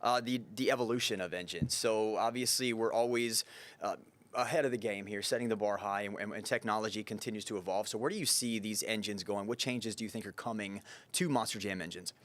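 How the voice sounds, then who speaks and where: This is a male show host with a quick, rapid-fire delivery. He sounds enthusiastic and chatty, and he often stumbles and repeats words as he talks. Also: lowish voice, fairly even intonation, fairly bright tone. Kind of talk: behind-the-scenes show hosting. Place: engine shop, then studio.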